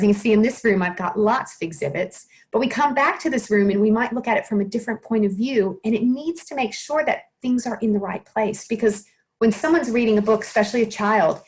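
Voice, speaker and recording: A woman's voice: mid-range voice, low-quality recording. Chatty woman author. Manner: chatty, self-deprecating, with frequent restarts. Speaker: children's author and illustrator. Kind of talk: casual interview answers.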